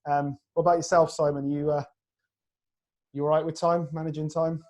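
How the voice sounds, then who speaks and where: A man's voice: a little high, little pitch movement, normal speed, a little mellow. A man chatting casually on a video call podcast, telling stories with plenty of laughs. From Iraq. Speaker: podcast host and fitness coach. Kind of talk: casual chat.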